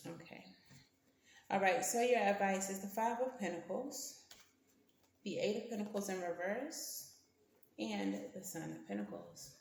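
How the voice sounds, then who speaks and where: Tarot lady, gravelly low voice, curses n talks to the cards, echoey room. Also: a little slow, pauses often, slight background noise. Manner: blunt, slangy and profane, talks to the cards. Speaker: tarot reader. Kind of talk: casual tarot reading. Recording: roomy echo.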